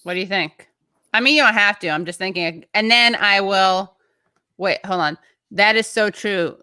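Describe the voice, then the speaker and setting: A woman's voice: medium pitch, normal speed, sharp tone, clean tone, no echo, studio quality. A woman hosting a casual show, chatting loosely, breaking off mid-thought and reading out viewer comments. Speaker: show host.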